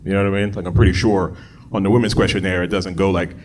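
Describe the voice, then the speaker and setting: A man's voice: deep voice, flat delivery, fast, slight background noise. A man performing a stand-up comedy set on a club stage into a handheld mic, chatty and laughing at his own jokes. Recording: live club with audience crowd.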